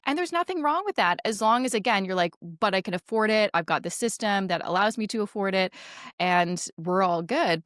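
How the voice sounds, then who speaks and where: A woman speaks as a financial advisor guest, chatty and affirming, spinning her points out in long, easy runs. Her pitch is mid-range for a woman, and the sound is close-miked and dry. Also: a bit bright, no room sound. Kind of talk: casual conversation.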